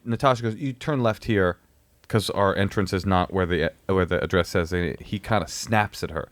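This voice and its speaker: Animated man telling a story. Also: low voice, moderate pace, dry recording. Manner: animated, acts out quotes in other voices. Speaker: comedian. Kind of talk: casual storytelling on a podcast.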